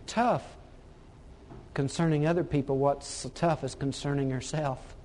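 A man's voice: high-pitched, dark tone. A man preaching a sermon, emphatic, asking rhetorical questions and repeating phrases for stress.

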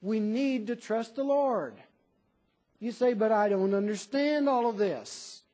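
Emphatic high-voiced male preacher. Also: takes it slowly. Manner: earnest, emphatic, reads a poem in a softer lower voice. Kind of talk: sermon.

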